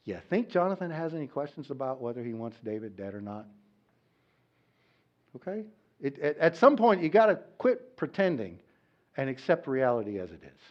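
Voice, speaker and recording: Brief: male pastor, chatty and animated sermon delivery, slightly high voice. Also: moderate pace, long pauses. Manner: conversational, animated, with frequent "okay?" asides. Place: church. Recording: dull lo-fi recording.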